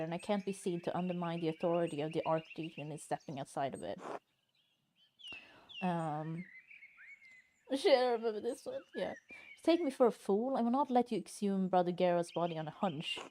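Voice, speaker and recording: A woman playing a story game and reading its dialogue aloud, thinking out loud casually and swearing often. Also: on the low side, slight background noise. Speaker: game streamer.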